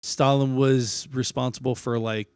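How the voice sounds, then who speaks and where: A man chats on his podcast about history, dropping swear words as he goes. His voice sits in the middle range, with no deep bass and no high edge. The sound is close and dry, with no room around it. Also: level tone, measured pace, a little mellow, clean tone, dry recording. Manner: swears a lot, lectures on history. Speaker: podcast co-host. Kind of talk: casual podcast chat.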